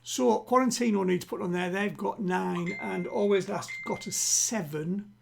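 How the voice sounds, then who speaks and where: A man hosting a live-streamed home quiz, chatting with players and reading each question twice, slowly. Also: high-pitched, gravelly, background noise. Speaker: quiz host. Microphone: home streaming setup.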